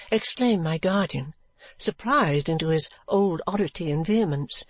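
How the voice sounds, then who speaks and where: An audiobook reader narrating a classic novel in an even, measured way. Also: medium pitch, no echo.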